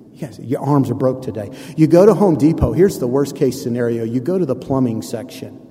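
Guy giving a sermon, chatty and joking with the crowd, dark mellow voice, big echoey hall. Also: mid-range voice. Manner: conversational preaching with playful asides to the congregation. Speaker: pastor. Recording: long hall reverb.

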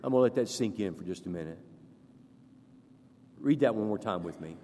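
Animated preaching man in echoey church. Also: lowish voice, brisk, long pauses. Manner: animated preaching, leads congregation in repeating verses. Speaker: pastor. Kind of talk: sermon.

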